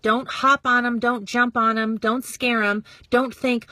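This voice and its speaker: Woman, 30s, upbeat sales coach, chatty, mid-pitched, dry close recording. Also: steady tone, sharp tone, no room sound. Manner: bubbly, chatty, acts out quick quoted dialogue. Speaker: network marketing coach. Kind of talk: casual motivational talk to followers.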